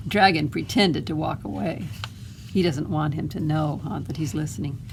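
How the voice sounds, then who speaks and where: A woman librarian reading a picture book aloud to children, gently stopping to ask them questions. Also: deep voice, normal speed, gravelly, a little hiss or hum, rough recording.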